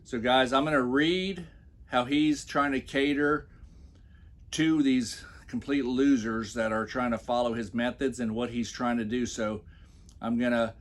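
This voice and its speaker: A man's voice: medium pitch, steady tone, a little slow. A man giving mocking commentary on a post he reads aloud from his phone, with sarcastic, scornful asides. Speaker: commentary vlogger.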